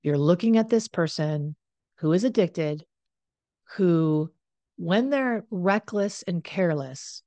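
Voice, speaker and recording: A low-pitched woman speaks straight to her listeners, giving relationship advice in a frank, conversational way. She repeats phrases for emphasis and swears now and then, and the recording is dry and close. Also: a little mellow, no echo. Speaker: addiction and relationships coach. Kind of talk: direct-to-camera advice monologue.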